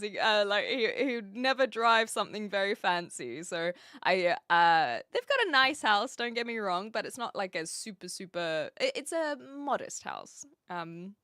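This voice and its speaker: Lively bright-voiced New woman. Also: medium pitch, normal speed, no echo, clean studio sound. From New Zealand. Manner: chatty, lots of fillers and restarts. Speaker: streamer. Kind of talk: casual live-stream chat, reading and answering chat.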